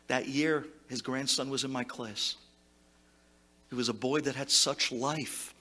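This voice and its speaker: A man, a rabbi, giving an impassioned eulogy to a gathering, mixing Hebrew words into his English and swinging between loud exclamations and hushed tones. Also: mid-range voice, steady tone, unhurried. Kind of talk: memorial speech to a gathering.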